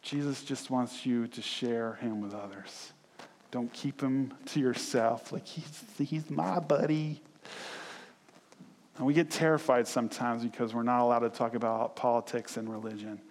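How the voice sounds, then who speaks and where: Pastor, male, casual storytelling sermon, mid-pitched, church hall reverb. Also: moderate pace. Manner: conversational, storytelling, animated acted quotes.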